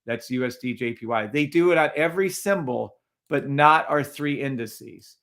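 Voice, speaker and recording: A man's voice: mid-range voice, normal speed, fairly bright tone. A man hosting a live trading stream, talking casually over charts and greeting viewers in the chat, often sounding incredulous.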